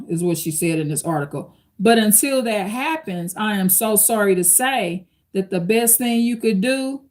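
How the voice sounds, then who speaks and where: A woman's voice: medium pitch, darkish tone. A woman hosting a live stream, reading an article aloud and commenting on it casually to her viewers. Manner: conversational, addresses viewers as y'all, reads quotes aloud. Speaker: channel host reacting to an article.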